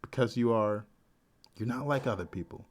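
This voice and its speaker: A man voicing a kind, patient older father who speaks slowly and softly. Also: mid-range voice, close to an everyday voice. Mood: gentle. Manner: slow, soft and fatherly.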